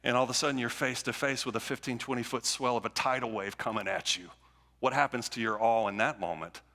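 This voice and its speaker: A man's voice: medium pitch, quick pace, pushed and bright. A male pastor preaching a conversational sermon, repeating phrases and restarting as he builds his points. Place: church sanctuary. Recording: long church hall reverb.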